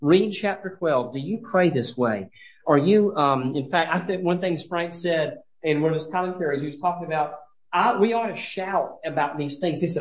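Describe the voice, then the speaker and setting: A man's voice: fairly high pitch, moderate pace, echoey room, low-quality recording. A man preaching a sermon as pastor, earnest, with frequent restarts, rising to emphatic peaks.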